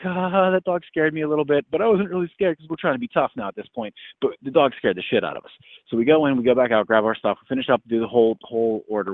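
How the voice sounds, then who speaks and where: Animated, profane man telling a story. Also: mid-range voice, no room sound. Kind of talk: casual storytelling chat. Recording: tinny phone-like sound, dry.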